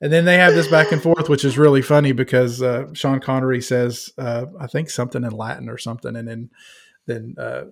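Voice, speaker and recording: An American man with a gravelly edge to his voice, talking enthusiastically and loosely about movies. He rambles through ums and restarts in a casual podcast chat. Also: medium pitch, fairly even intonation, a little fast. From United States. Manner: enthusiastic, rambling, many fillers. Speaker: podcast co-host.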